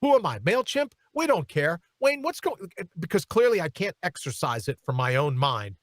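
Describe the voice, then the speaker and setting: A man hosts a radio talk show from a studio, ranting with a sarcastic edge. His voice sits high and swings widely in pitch. The studio sound is dry and close. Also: very animated, normal speed, dry recording. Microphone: studio microphone.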